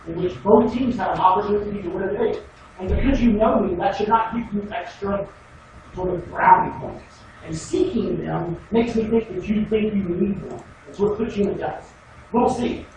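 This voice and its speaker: A man's voice: high voice, normal speed, dull audio. A man giving a casual classroom lecture on debate, wry and sarcastic, sometimes mocking students in put-on voices. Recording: echoey room from far off, noisy.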